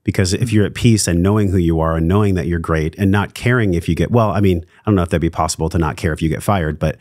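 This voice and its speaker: A man's voice: low-pitched, fast, darkish tone, no room sound, studio quality. A man hosting a podcast, chatting in a laid-back, enthusiastic way. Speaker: podcast host. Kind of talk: casual interview chat.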